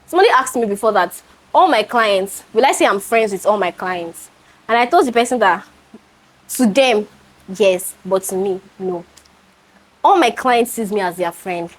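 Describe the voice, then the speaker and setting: A woman's voice: fairly high pitch, low-quality recording. A woman with a Nigerian accent giving a sales training talk, telling stories animatedly and acting out the dialogue. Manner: animated storytelling, acts out dialogue, laughs often. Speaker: real estate sales trainer.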